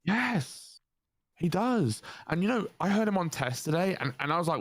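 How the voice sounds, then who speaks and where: A British man co-hosting a casual chat show, talking in an animated way, swearing and laughing often. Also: high voice, normal speed, no room sound. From Britain. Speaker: co-host.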